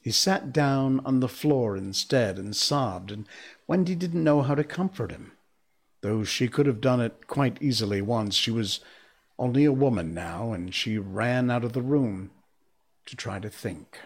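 A man reading a storybook aloud as narrator, measured and expressive. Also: medium pitch, husky.

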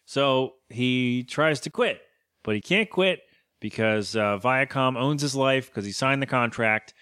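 Man, podcast co-host, mid-pitched voice, casual rambling recap, restarts mid-sentence, dry close mic. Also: a little slow, a bit bright, clear, resonant tone, dry recording. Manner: rambling, self-interrupting storytelling. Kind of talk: casual chat, recapping a cartoon episode.

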